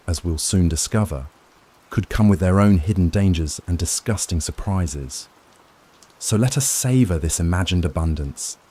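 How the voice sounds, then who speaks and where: A man narrating a scripted history story for sleep in a calm, soothing, measured way. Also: low-pitched.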